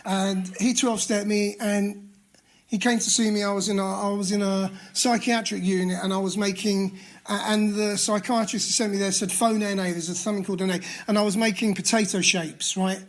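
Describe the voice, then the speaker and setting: This man has a high voice with flat delivery at a moderate pace; he's in his sixties, from England, with a London accent. Speaking at a recovery meeting in a meeting room, he tells his story candidly, poking fun at himself and restarting often.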